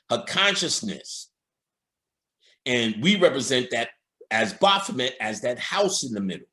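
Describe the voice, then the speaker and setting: A man's voice: medium pitch, sharp tone. A man giving a casual, profane commentary on a film, talking straight to his viewers as an occult lecturer.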